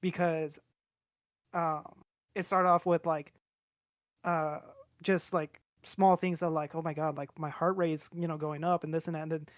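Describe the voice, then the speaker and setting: A man's voice: on the high side, flat delivery, measured pace, no room sound. Guy in his 20s rambling on a podcast, candid, swears a lot, dry close sound. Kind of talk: casual chat.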